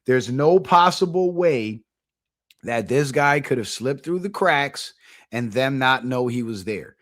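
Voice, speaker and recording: Brief: easygoing male streamer, mid-pitched, profane and chatty, recorded at home. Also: expressive, takes it slowly, fairly bright tone. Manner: loose, profane, laughs often. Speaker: channel host. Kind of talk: casual livestream commentary. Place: at home, alone.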